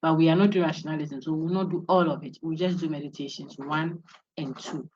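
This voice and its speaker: A woman's voice: low voice, steady tone, brisk, darkish tone, husky. A woman giving an online university philosophy lecture, coaching students to repeat names after her. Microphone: video call. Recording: dull lo-fi online call audio.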